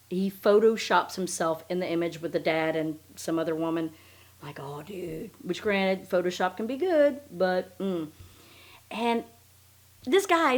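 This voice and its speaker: A woman hosting a podcast, recapping a story in casual, profane, sarcastic commentary and sounding openly incredulous. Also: medium pitch. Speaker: podcast host.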